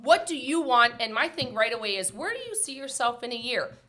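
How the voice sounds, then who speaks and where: A woman's voice: fairly high pitch, very animated, a little fast, pushed and bright. A woman in casual podcast chat, talking emphatically and bluntly, repeating phrases for stress.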